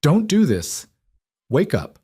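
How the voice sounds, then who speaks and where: A man voicing a bold, sharp-tongued young woman in an audiobook, shrieking and hissing her lines. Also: mid-range voice, very animated, normal speed. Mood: frightened. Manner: shrieking, biting, then hissing. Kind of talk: audiobook character voice.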